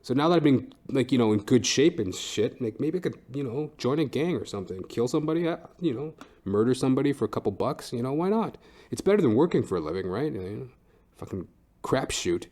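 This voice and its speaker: Brisk and animated, a young comedian on his own podcast rants in a rambling, profane way, cursing constantly and piling up fillers and restarts. His medium-pitched voice has a mellow quality.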